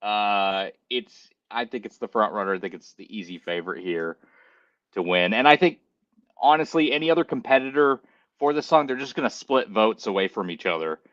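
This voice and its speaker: A man's voice: fairly low pitch, expressive, normal speed, a bit bright, no room sound, highs cut off. A man guesting on a movie podcast, giving emphatic opinions in casual talk. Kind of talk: casual chat.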